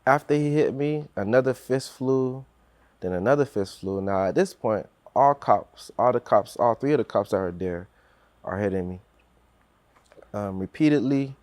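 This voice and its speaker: A man's voice: mid-range voice, moderate pace, a little mellow, dry recording. A man telling a personal story on a podcast in earnest, acting out what others said, with many restarts.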